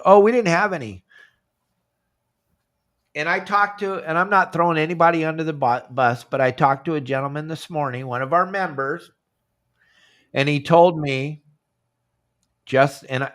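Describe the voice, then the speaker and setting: Male podcast host, slightly high voice, animated and chatty, acts out callers, video-call sound. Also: moderate pace, pauses often. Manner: animated, acts out phone calls in raised voice. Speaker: fishing show host. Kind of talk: casual podcast chat.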